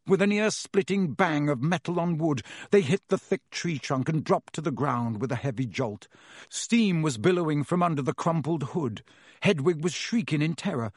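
A man's voice: a little high, normal speed, a little mellow, breathy edge, dry recording, clean studio sound. A man narrating a storybook in a vivid, dramatic way. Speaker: audiobook narrator.

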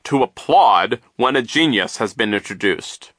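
A loud, self-important vice principal with a booming, pitched-up voice that shouts for attention, as a narrator puts him on. He speaks with grand, mocking bluster in a storybook reading, recorded in a dry, close space. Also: big pitch swings, a little fast, no echo. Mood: stern.

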